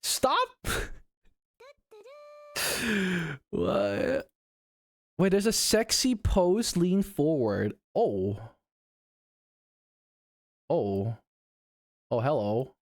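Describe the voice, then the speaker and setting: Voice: medium pitch, very slow, pauses often, no echo, clean studio sound. A VTuber streamer chatting casually on a live stream, laughing a lot and swearing often. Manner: giggly, swears often, reacts out loud.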